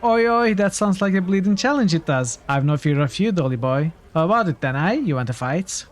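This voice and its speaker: A rude male thug spits coarse, mocking taunts, as a game streamer puts him on. The voice is pushed up high and swings about with scorn. It sounds loud and jeering. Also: lively intonation, a little fast. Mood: taunting.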